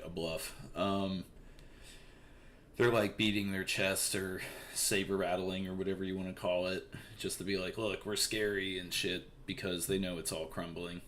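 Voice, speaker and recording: Young male streamer with a deep voice, swearing and rambling through news commentary over faint noise. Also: fairly bright tone. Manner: profane, rambling, filler-heavy.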